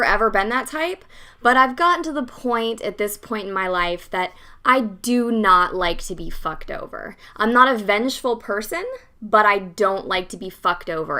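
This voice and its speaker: A young woman hosting a podcast, telling a story in a casual, animated way, acting out the dialogue and swearing freely. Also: mid-range voice. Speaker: podcast host.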